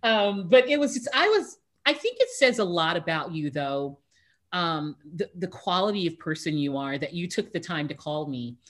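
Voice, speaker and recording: A woman's voice: fairly low pitch, normal speed. A middle-aged woman, a voiceover artist, chatting as a guest and telling a story with lots of fillers and acted-out reactions. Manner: animated storyteller, acts out her own reactions, laughs often. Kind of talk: casual interview chat.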